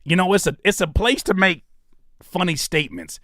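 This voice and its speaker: A man in his thirties, a rapper and YouTuber, reacting to comments in an animated comedic rant, mocking and teasing with sudden loud outbursts. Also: high-pitched, moderate pace, no echo, clean studio sound.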